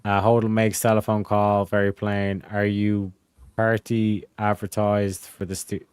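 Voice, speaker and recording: A young man with a smooth, clear voice reads old case notes aloud in a dry, close recording. He stumbles through with fillers and frequent swearing, pitched a bit low. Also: little pitch movement, a little mellow, no echo. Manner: profane, halting, reads with fillers. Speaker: host reading case files. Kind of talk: casual chat reading transcripts aloud.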